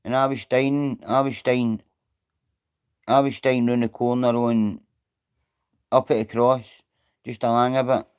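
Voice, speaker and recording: A man's voice: mid-range voice, little pitch movement, a little slow, long pauses, a little mellow, clear, resonant tone. A Scottish man on a live stream, rambling and greeting viewers by name in casual chat.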